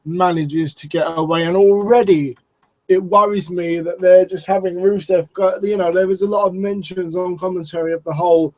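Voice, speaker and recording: A man's voice: sits high, fairly even intonation, moderate pace, darkish tone, no room sound, low-quality recording. A man reviewing a wrestling show in a casual, rambling way, swearing and restarting his sentences often. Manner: rambling, profane, lots of restarts and fillers.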